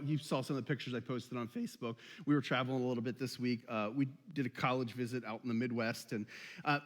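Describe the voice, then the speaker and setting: A man's voice: fairly high pitch, fairly bright tone, in a large hall. A man preaching a casual sermon, joking and laughing often, with many restarts. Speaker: pastor. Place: church hall.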